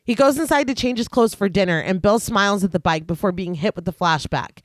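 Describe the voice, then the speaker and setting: Brief: woman podcast co-host, recap narration with laughs, mid pitch, dry close mic. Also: fairly quick, no room sound. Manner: reads plot summary then jokes and laughs. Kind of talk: casual horror podcast chat with scripted recap.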